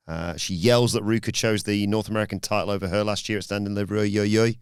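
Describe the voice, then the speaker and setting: A man's voice: lowish voice, steady tone, fast talker, smooth, no room sound, studio quality. A man co-hosting a podcast, reading out a recap with plenty of ums and uhs. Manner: reads recap with fillers, um and uh. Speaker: podcast co-host.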